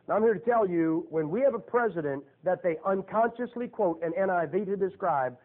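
A man's voice: high voice, lively intonation, a little fast. A man preaching a sermon in a folksy, joking and emphatic way. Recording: tinny phone-like lo-fi recording.

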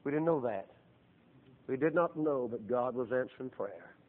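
A middle-aged man preaching a sermon, with fervent delivery that swells into loud, drawn-out emphasis. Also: mid-range voice, animated. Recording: tinny phone-like lo-fi sound.

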